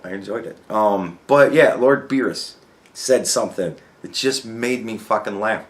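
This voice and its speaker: Man, young adult, lowish pitch, casual vlog rambling, profane, laughs a lot. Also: unhurried. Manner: profane, laughs often, animated storytelling. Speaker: vlogger.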